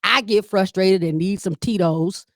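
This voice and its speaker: Woman comedian, mid-pitched, animated storyteller who works the room; dry, close recording. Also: a little slow, no echo. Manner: lively storyteller who addresses the audience directly; acts out quoted dialogue with big pitch jumps. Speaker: comedian and family caregiver leading a workshop.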